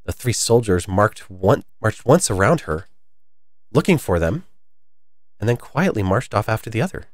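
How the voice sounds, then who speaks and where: A man reading a classic children's story aloud in a lively, expressive way. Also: fairly low pitch, moderate pace, no echo, clean studio sound.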